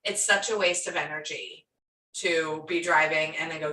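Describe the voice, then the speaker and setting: A woman coach talks casually through a workshop as an animated storyteller who acts out the people in her stories. Her voice is bright and forceful. The sound is roomy and comes from a mic placed at a distance. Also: deep voice, normal speed. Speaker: business coach.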